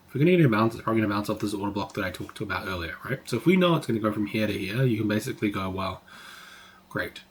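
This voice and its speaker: A man's voice: lowish voice, slight background noise. A man teaching trading on a live stream, talking casually, swearing freely and saying "like" a lot. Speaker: trading educator.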